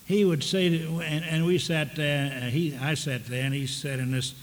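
A man's voice: on the high side, fairly even intonation. Older man telling stories from the pulpit. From American South. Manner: folksy, halting with many restarts. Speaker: preacher. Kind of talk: storytelling sermon. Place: large church hall with audience. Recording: long reverb of a big hall, faint background noise.

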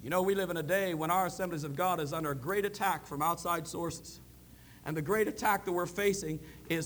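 A man preaching a sermon as a minister, building to loud, emphatic peaks. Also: high-pitched, a little fast, slight background noise.

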